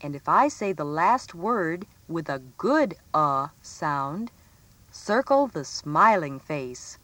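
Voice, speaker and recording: A woman reading a scripted phonics lesson for children, stressing each example word clearly. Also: fairly low pitch, very animated, fairly bright tone, dry recording. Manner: slow, clearly enunciated, sing-song emphasis on example words. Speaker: teacher.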